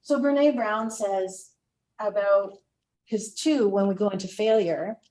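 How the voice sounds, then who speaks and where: A woman's voice: mid-range voice, takes it slowly. Woman giving a reflective spiritual talk. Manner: warm reflective storytelling, laughs now and then. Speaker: spiritual director.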